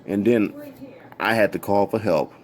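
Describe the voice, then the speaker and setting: A man casually telling a story from his past, animated and full of repeated "I'm like" asides. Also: fairly low pitch, measured pace, slight background noise.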